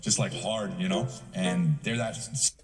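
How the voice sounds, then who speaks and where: A man's voice: sits low, fairly even intonation, measured pace. A man doing stand-up, telling a confessional story with crude words and acted-out dialogue. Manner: profane, confessional, acts out dialogue. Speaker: stand-up comedian. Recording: roomy hall sound from far off with music.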